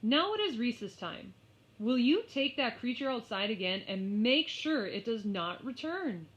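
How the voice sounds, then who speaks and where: A woman's voice: a little high, big pitch swings, unhurried, pitched above the performer's own voice. A woman voicing a tall, irritated male schoolteacher who speaks with strained patience. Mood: stern. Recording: slightly muffled lo-fi.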